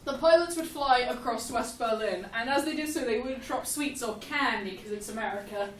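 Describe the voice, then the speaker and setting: A young woman giving a casual, jokey history lesson, animated and laughing often. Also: fairly high pitch, normal speed, recorded from a distance. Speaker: history explainer. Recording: echoey room, off-mic, faint hiss.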